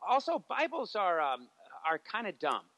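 A man's voice: high voice, wildly swooping pitch, moderate pace, a bit bright, no room sound, dull audio. A man, a TV animation writer, talking as a guest in a casual interview, telling stories with lots of fillers and restarts.

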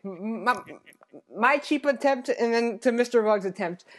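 A man hosting a casual podcast, chatty and halting with frequent fillers. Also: very high voice, a bit bright. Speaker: podcast host.

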